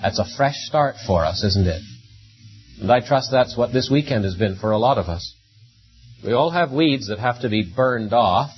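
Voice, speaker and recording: A man's voice: medium pitch, lively intonation, moderate pace, muffled recording, soft background music. A man preaching a sermon in a conversational way, often tagging rhetorical questions onto his points.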